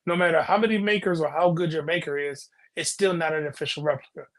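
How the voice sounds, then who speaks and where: Higher-voiced man explaining earnestly. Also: fairly even intonation, quick pace, fairly bright tone. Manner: earnest, explanatory, trailing off mid-sentence. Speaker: podcast co-host. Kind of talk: casual podcast chat.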